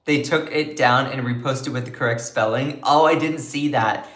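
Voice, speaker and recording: Low-pitched woman, excitable live news commentator, echoey room. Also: moderate pace. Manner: chatty, opinionated, excitable, talks to chat. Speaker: host of a news commentary livestream.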